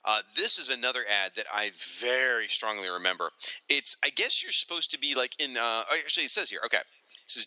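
A man co-hosting a casual chat, excitable and animated, now and then slipping into silly voices for quoted lines. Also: mid-range voice, fast talker, no room sound, rough recording. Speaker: podcast co-host. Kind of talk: casual chat about retro cartoons.

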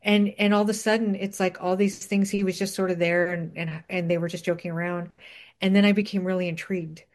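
A woman's voice: fairly low pitch, little pitch movement, fairly quick. A woman in casual conversation, talking thoughtfully about what she noticed in a television episode. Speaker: podcast co-host. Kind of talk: casual chat.

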